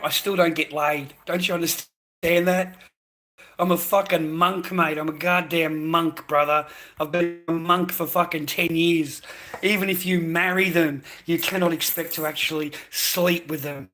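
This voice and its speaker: A man's voice: a little high, fairly even intonation, normal speed, a bit bright, a little hiss or hum. An Australian man ranting crudely to his livestream chat, peppering his talk with mate and swearing.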